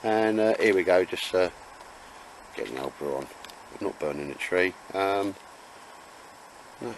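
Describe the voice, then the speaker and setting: Deep guy rambling easy in the woods, bit of background hiss. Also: expressive, measured pace. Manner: chatty, jokey, laid-back. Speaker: vlogger. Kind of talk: casual outdoor chat. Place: damp woods, outdoors.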